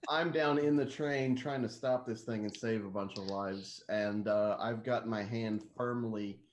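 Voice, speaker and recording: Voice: mid-range voice, a little slow, reverberant, slight background noise. A player in a tabletop game, describing his character's actions in a joking, casual way. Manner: joking, lively delivery.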